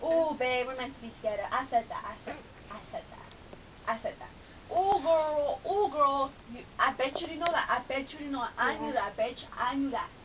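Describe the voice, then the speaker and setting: A young woman watching a TV show and reacting loudly, profane and brash, shouting at the screen. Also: sits high, moderate pace. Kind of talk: loud casual reaction commentary. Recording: dull lo-fi webcam audio with faint hiss.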